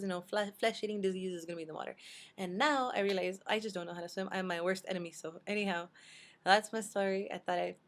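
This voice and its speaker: A woman casually telling her sister a rambling personal story in a video message, full of fillers and restarts, acting out her own quoted lines with big jumps in pitch.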